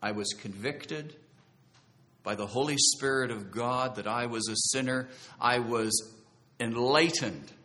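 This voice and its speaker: A man's voice: medium pitch, measured pace, bright, forceful tone. A man preaching a sermon, telling his own conversion story in an earnest, conversational way and drawing out key phrases for emphasis. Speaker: preacher giving his testimony.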